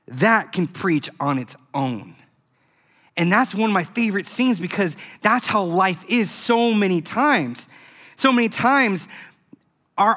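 A man preaching a youth sermon, telling a story in an animated, emphatic way. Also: high-pitched. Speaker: youth pastor. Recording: echoey hall.

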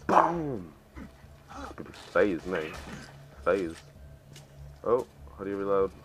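A man playing a video game and commenting casually, excitable and boastful, exclaiming at every kill. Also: deep voice, slow pace. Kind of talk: casual let's-play commentary. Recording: noisy home recording.

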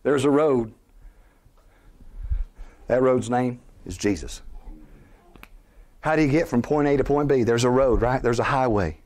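A middle-aged man preaching a sermon as pastor, animated, posing rhetorical questions and building toward near-shouts. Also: medium pitch, measured pace, pauses often.

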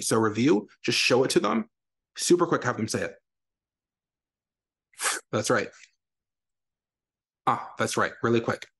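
An energetic young man teaching reading in a virtual session for parents. He explains letter sounds and acts them out plainly, at an ordinary mid pitch. His delivery is upbeat and hands-on, like a teacher working through examples. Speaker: reading educator. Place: lives in Texas.

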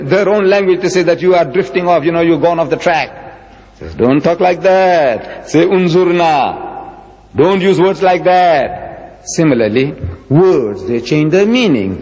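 A man in his seventies giving an emphatic, rhetorical religious lecture. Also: darkish tone. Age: 70s. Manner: emphatic, rhetorical, with dramatic swings in pitch. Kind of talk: public lecture. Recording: dull lo-fi recording with long hall reverb.

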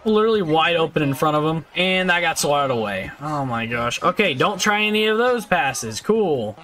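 A man giving casual, excitable gameplay commentary. He gets easily frustrated, yells at his teammates, and talks in slang with mild swearing. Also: fairly high pitch, normal speed. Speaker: gaming YouTuber.

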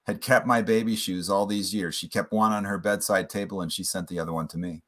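Brief: man, interview guest, low pitch, bright tense edge, earnest storyteller. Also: steady tone, fairly quick. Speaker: podcast guest, playwright and author.

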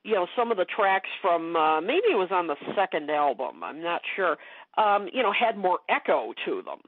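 Woman, guest expert, husky, chatty with fillers, dry phone-quality audio. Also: fairly low pitch, sing-song, moderate pace, no room sound. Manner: chatty, many fillers and restarts. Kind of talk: casual interview chat.

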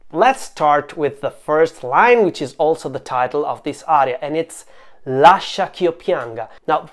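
A woman with as her explains song lyrics line by line in a low, unhurried voice. She talks slowly and carefully, and now and then stretches out a word to spell it out. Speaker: Italian teacher and channel host.

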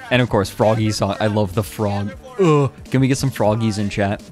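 A man streaming casually, who laughs often, exclaims loudly and reads chat aloud. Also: lowish voice, normal speed, faint music behind.

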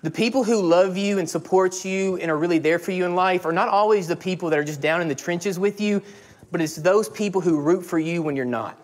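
A man in his thirties, a pastor preaching a sermon, animated and acting out quoted dialogue. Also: sits high, fairly quick. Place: church sanctuary.

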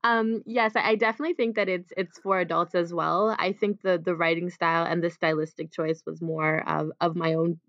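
A young woman speaks as a guest on a video call, with a fairly low voice. She answers thoughtfully and often pauses on "um" and repeats words. The call audio is dull and dry, with no room sound. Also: fairly even intonation, a bit bright, no echo. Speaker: author and guest.

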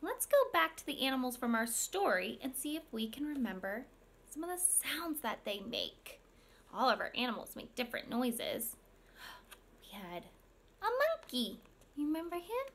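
A woman's voice: sits high, sing-song, moderate pace, creaky, a bit bright, slight background noise. A young woman reading a picture book to young children in an exaggerated sing-song voice, making animal sounds. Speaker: speech language pathologist.

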